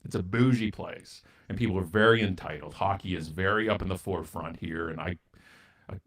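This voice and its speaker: A man's voice: low voice, fairly quick, fairly bright tone, a little hiss or hum. A man from Canada, a guest speaker, telling a story in an interview in a blunt, self-mocking way and acting out both sides of the dialogue.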